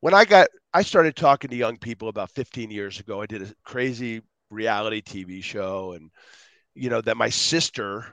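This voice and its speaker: A middle-aged man, a guest on an interview show, telling stories in an animated, rambling way. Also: on the low side, normal speed, no room sound. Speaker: guest speaker. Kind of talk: casual interview storytelling.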